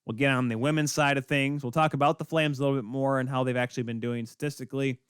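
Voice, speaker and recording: A man hosting a podcast, delivering a heated, sarcastic rant with sudden loud spikes and quick muttered asides. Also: mid-range voice, steady tone, smooth, no echo, studio quality. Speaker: podcast host. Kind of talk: ranting hockey commentary.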